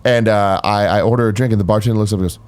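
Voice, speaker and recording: A man co-hosting a casual podcast, telling a story at an easy, ordinary pitch. He rambles with lots of "like" and restarts, but keeps an excited tone. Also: very fast, clean tone. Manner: rambling, full of fillers and restarts, enthusiastic. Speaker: podcast co-host.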